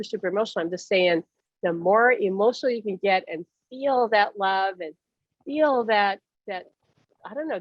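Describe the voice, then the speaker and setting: Woman medium, lively and chatty, lo-fi dry recording. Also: medium pitch, no echo. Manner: animated, acts out voices, laughs often. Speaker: medium giving readings. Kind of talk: casual reading over a call.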